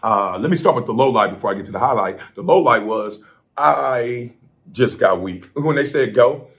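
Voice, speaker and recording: A middle-aged man hosting a casual vlog, telling a story from his hotel room on vacation. He talks in an animated way, laughing and acting out the voices of the people he quotes. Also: mid-range voice, normal speed. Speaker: host.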